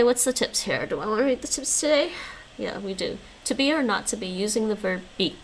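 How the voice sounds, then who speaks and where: Woman, language-learning stream, casual chat, relaxed slow pace, faint background noise. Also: mid-range voice, creaky, poor audio. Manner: repeats words after the app, chatty with viewers, laughs often. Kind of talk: casual chat while practising vocabulary.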